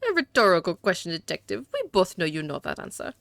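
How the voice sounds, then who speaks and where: Woman putting on a haughty older dandy, bad French accent, bright and dry. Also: lowish voice, big pitch swings, quick pace, creaky, no echo, full character voice. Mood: smug. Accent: attempted French. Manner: haughty, formal. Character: dandified older man, smug and condescending.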